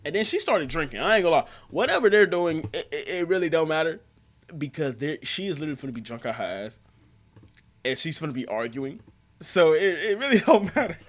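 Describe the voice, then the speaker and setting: Lively, slangy young man reviewing manga. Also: on the high side, fast. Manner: excitable, slangy, laughs often, recaps plot in bursts. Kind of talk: casual manga review vlog.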